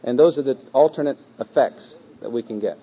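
A man teaching a group to memorize a scripture verse, speaking patiently with fillers and repeating phrases slowly. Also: mid-range voice. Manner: patient, repetitive, slow chanting of phrases with a group. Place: room with a live group. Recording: dull lo-fi recording.

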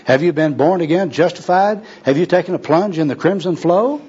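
A kindly old preacher speaks gently, weighted with churchy jargon, as a man puts him on. His voice is husky and the recording dull and lo-fi. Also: fairly high pitch, expressive, a little fast, voice pushed up. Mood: kindly, pious.

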